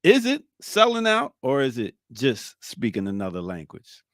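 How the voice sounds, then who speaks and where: A man's voice: medium pitch, wildly swooping pitch, moderate pace, a bit bright, dry recording, studio quality. A man hosting a morning talk show, reflecting on a topic and posing questions to his co-hosts. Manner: reflective, poses questions to the panel. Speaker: host. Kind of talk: talk-show monologue and discussion.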